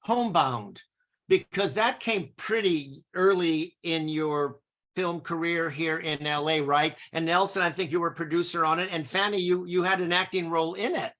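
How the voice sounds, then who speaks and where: Older man, host, high voice, bright tone, teasing, opinionated, interview chat. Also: normal speed. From East Los Angeles. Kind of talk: live streamed interview conversation.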